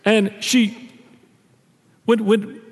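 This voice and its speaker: A male pastor preaching a sermon in a church, telling stories and dropping low and soft on tender lines. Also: level tone, extremely slow, breathy edge. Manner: storytelling, drops low and soft on intimate lines. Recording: long reverb of a church hall.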